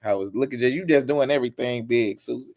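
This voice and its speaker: A man hosting a casual interview, talking in a relaxed way with short encouraging replies and hype phrases for the audience. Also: medium pitch, fast talker, no room sound, clean studio sound. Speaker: interview host.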